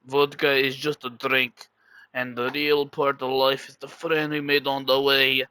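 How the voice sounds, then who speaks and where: A man voicing a sentimental male contestant giving a slow, heartfelt farewell. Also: medium pitch, flat delivery, pushed and bright, smooth, dry recording, low-quality recording.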